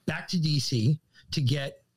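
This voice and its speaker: A man's voice: fairly high pitch, unhurried, husky. Profane man telling a story. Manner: profane, joking anecdotes. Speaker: podcast guest. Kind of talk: casual storytelling.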